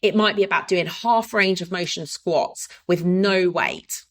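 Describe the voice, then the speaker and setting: A woman's voice: on the low side, a little slow. A woman, a fitness coach hosting a podcast, telling her own story in a candid, casual way and swearing now and then. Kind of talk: personal storytelling monologue.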